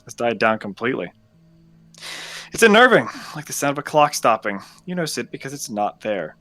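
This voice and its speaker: A man reading a story game aloud as narrator, with expressive, dramatic delivery. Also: medium pitch, a little fast, soft background music.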